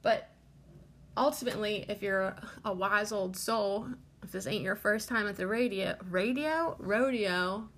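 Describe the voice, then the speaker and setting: A woman talking alone on her podcast in a loose, meandering way, with "like" in almost every phrase. She sounds tearful and keeps herself from crying. Her voice sits at a middle pitch. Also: fairly even intonation, moderate pace, a bit bright. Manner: rambling, lots of "like" fillers, emotional. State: tearful, holding back crying. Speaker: podcast host. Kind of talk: casual solo podcast monologue.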